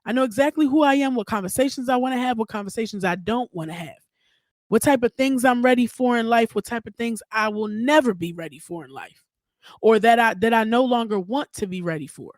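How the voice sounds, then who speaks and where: A woman hosting her own podcast, ranting in a casual, profane, animated way straight to her listeners. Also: a little high, fairly quick, dry recording, studio quality. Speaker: podcast host. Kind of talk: casual solo podcast rant.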